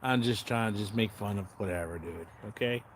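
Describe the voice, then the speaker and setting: A man's voice: fairly low pitch, a little fast, slight background noise. Guy on a livestream talking back to chat, sarcastic, rambly, swears a lot, keeps losing his thread. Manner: loses his train of thought and restarts often. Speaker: livestream host. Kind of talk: casual livestream chat, answering viewer comments.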